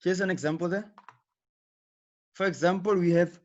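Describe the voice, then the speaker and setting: Brisk yet given to long pauses, a man with a high, darkish voice leads a live online lesson by video call. He explains patiently, goes over things again and keeps checking in with "okay", captured in dull, lo-fi sound.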